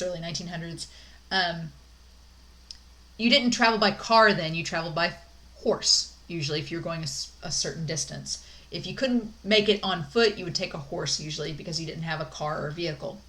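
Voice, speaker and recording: Young woman, bright tone, recorded lecture, casual filler words. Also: lowish voice, normal speed. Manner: chatty, upbeat, many fillers like "um" and "like". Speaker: college English instructor.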